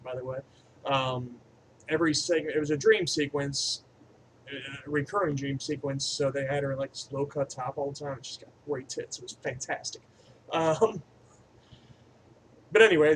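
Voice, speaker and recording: A man's voice: fairly high pitch, slight background noise, low-quality recording. Crude, rambling man reviewing a movie. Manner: crude and profane, rambling aside-heavy delivery; enthusiastic, swinging between loud bursts and mumbled asides.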